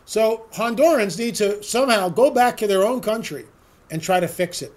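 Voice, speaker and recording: A man's voice: sits high, animated, moderate pace. A man giving an opinionated solo commentary, sarcastic and ranting, firing off rhetorical questions to his listeners. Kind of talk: opinionated monologue.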